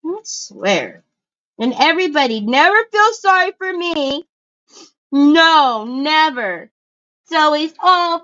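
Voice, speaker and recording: A woman's voice: sits high, expressive, slow pace, sharp tone, highs cut off. A woman hosting a casual crafting livestream, chatting to viewers and calling out to her family as she works. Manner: chatty, breaks off to call to family.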